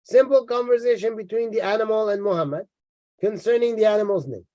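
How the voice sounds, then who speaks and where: A man's voice: sits high, brisk, warm tone, no room sound. A tired man giving mocking, sarcastic commentary in a lecture style while reading from a book. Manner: mocking and sarcastic, with frequent repeats and asides.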